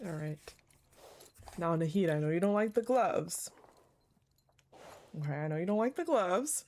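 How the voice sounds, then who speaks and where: A woman's voice: on the low side, lively intonation, a little slow, pauses often, a little mellow. A young woman streaming a game, chatting casually with her viewers, laughing often and swearing freely. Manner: laughs a lot, swears, talks to chat. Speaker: gaming streamer. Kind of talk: casual live-stream chat.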